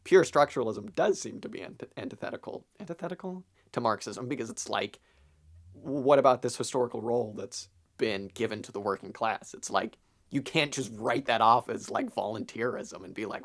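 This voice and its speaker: A man's voice: medium pitch, fairly quick, fairly bright tone. A young adult man co-hosting a podcast, rambling casually with lots of fillers and the odd swear word. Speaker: podcast co-host. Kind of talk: casual chat.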